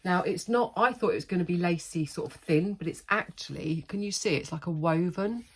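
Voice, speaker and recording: A woman's voice: fairly low pitch, a little fast, slightly rough. A middle-aged woman, chatting casually and rambling in a haul vlog, laughing often. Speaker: haul vlogger.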